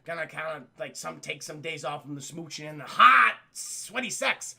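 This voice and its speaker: A man's voice: fairly high pitch, lively intonation, moderate pace, gravelly, bright, forceful tone, husky, voice pushed down, exaggerated voice. An man voicing a brooding, self-important young male student with a dramatic manner. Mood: smitten.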